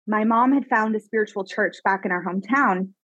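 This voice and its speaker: Animated woman telling her story, dry sound. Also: mid-range voice, brisk, dry recording, dull audio. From Canada. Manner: animated, emphatic, frequent "like" fillers. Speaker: guest, psychic medium mentor. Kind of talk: personal storytelling in a podcast interview.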